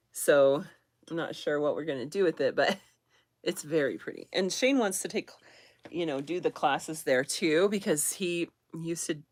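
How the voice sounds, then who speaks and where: A woman's voice: fairly low pitch, a bit bright, no echo, clean studio sound. A woman in her thirties telling a story in a casual live chat, chatty and laughing often, with rambling asides. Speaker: channel host.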